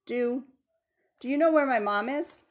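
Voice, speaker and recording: A woman's voice: high voice, measured pace, voice pushed up. A woman voicing a frightened, guarded young boy who speaks hesitantly. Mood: wary.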